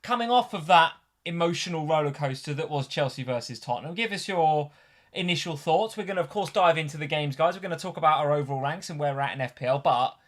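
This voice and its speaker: A man co-hosts a live fantasy football stream in an animated, chatty way. He laughs easily and acts out shouts when retelling a match. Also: fairly high pitch, quick pace. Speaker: podcast co-host. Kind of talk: casual chat.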